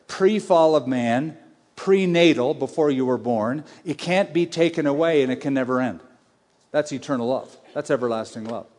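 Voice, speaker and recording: A male pastor preaching a sermon, conversational and emphatic, swinging between loud and hushed. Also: fairly high pitch. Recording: long reverb of a large hall.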